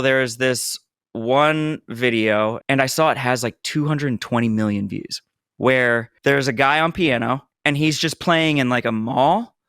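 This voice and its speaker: A man in his thirties co-hosts a podcast, relaxed and casual, telling stories packed with the filler "like." His voice is mid-range with vocal fry. The recording is studio quality with no echo.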